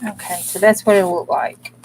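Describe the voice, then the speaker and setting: On her channel, a woman chats bluntly and casually while crafting, swearing mildly as she goes. Her voice is medium-pitched and level at a normal speed, with a noisy background. Her folksy livestream talk carries on while she works.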